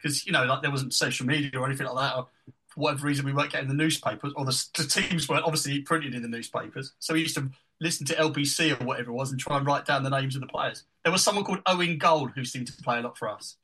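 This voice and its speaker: Quick, bright-voiced podcast host. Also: male voice, medium pitch, husky. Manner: eager, chatty, laughs easily. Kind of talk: casual podcast chat.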